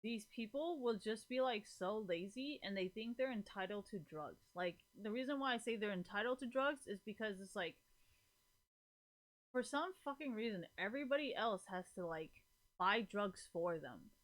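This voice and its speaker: A woman's voice: mid-range voice, animated, moderate pace. Rambling, profane woman streamer. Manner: rambling, profane, fills every gap with "like". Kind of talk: casual chat to a live audience.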